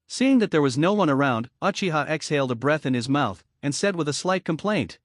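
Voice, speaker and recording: Lively man narrating an anime recap. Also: fairly high pitch, a little fast, few pauses, no room sound, clean studio sound.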